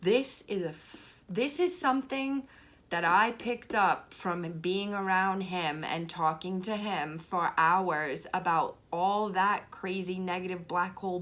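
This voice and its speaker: A woman's voice: medium pitch, measured pace, a bit bright. Young boston woman, tarot vlogger, rambly and sweary, lots of "like", talks it out casually. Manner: candid, swears freely, rambling with many "like"s. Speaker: tarot reader. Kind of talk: casual storytelling vlog.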